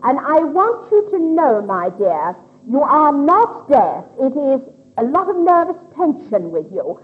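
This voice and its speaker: Woman medium, high animated voice, reassuring "my dear" manner, tinny narrow-band old tape. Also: a little slow. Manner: calls listeners "my dear", reassuring. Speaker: spiritualist medium. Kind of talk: public spirit-message demonstration. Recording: tinny phone-like old recording.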